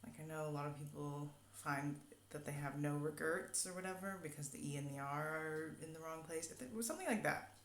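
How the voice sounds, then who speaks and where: A young woman tells a story in a loose, rambling way, full of fillers. Her voice sits on the low side. The sound is roomy and echoey. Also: fairly quick, hardly any pauses, a little hiss or hum. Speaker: vlogger. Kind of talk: casual storytelling. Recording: echoey room.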